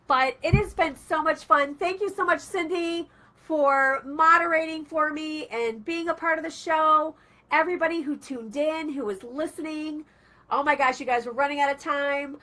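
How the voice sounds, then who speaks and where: A woman's voice: sits high, moderate pace. A woman hosting an online talk radio show, chatting casually and acting out little stories with quoted voices. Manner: chatty, animated storytelling with acted-out quotes.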